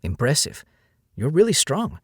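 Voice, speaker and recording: A man voicing a proud jungle guide with a Spanish accent, gently teasing, read in an audiobook. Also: on the high side, huge pitch swings, measured pace, husky, dry recording, clean studio sound, voice pushed up, full character voice.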